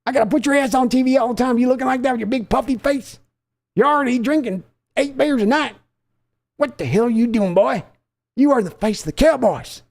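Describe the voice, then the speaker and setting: A blustering older team owner barks and brags in a raised, drawling voice, as a man puts him on. He scolds his son with a high, dark-toned bark and bosses everyone around. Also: lively intonation, fast, close to an everyday voice. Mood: scolding. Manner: loud, scolding, drawling boast.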